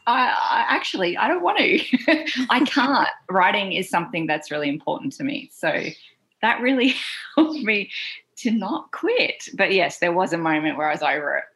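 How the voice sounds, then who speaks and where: An Australian woman, a writer and panel guest, telling a lively story on a video call and acting out the people she quotes. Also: medium pitch, normal speed. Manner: lively storytelling, animated quoting. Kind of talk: casual panel conversation.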